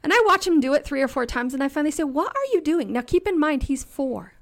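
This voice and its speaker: A woman in her thirties telling stories as a podcast guest, animated and often laughing, acting out the voices of the people in them. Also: high-pitched, fast talker. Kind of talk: casual storytelling. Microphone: podcast studio mic.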